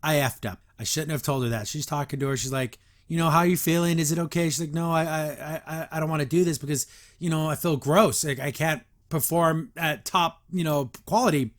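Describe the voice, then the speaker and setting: A man hosting a casual episode review, chatty and quick to laugh, with lots of filler words. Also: a little high. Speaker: host.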